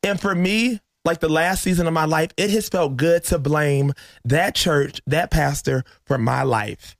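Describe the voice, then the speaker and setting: A man hosting a casual faith podcast, telling an emotional story and acting out the dialogue with lively energy. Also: a little high, a little slow, gravelly, no room sound, clean studio sound. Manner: emotional, animated storyteller who acts out dialogue. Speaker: podcast host.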